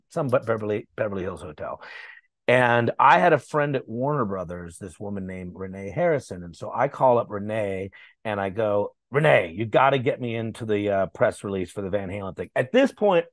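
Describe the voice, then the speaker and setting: Animated, profane man telling stories. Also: mid-range voice, no echo. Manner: animated, profane, acts out voices. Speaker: podcast guest. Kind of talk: casual storytelling.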